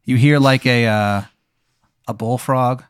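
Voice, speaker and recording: A man telling a rambling, deadpan improvised story, full of fillers. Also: medium pitch, takes it slowly, clear, resonant tone, no echo, clean studio sound.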